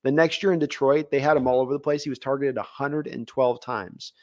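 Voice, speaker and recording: Male podcast co-host, fast and rambling, recorded dry. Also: mid-range voice, steady tone, a little mellow, dry recording. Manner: rapid, rambling, frequent restarts. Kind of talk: casual sports chat.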